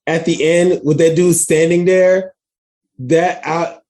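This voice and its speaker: A man in his thirties co-hosting a casual podcast chat, relaxed and laughing often between remarks. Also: fairly high pitch, takes it slowly. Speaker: podcast co-host.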